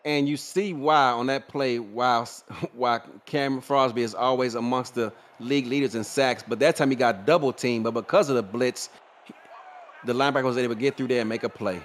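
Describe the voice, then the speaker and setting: A male color commentator explains football plays in an easygoing, talkative way. He adds casual asides now and then. Faint noise hums quietly behind him. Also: mid-range voice, steady tone, moderate pace. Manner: conversational analysis with casual asides and small laughs. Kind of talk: live sports color commentary.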